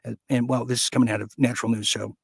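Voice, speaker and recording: A man's voice: mid-range voice, flat delivery, racing, creaky, breathy edge, no echo. A man hosting an opinionated news commentary show, reading headlines and breaking off into sarcastic, ranting asides.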